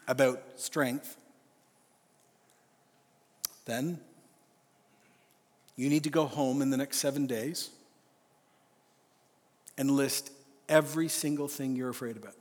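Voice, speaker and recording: A man preaches earnestly and with emphasis at a men's conference, his mid-range voice keeping fairly even intonation. He slows for a prayer he reads out. Live hall reverb and faint music are audible.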